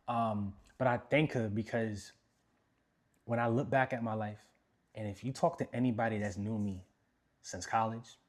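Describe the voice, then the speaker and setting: A young man from New York, a motivational speaker, telling his life story in a casual Q&A with animated, slangy emphasis. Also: lowish voice.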